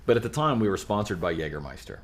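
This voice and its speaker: Deep-voiced man, animated band storyteller. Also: fast talker, slight background noise. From Pittsburgh area, USA. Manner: animated storytelling, rambling restarts. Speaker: podcast guest, musician. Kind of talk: casual chat.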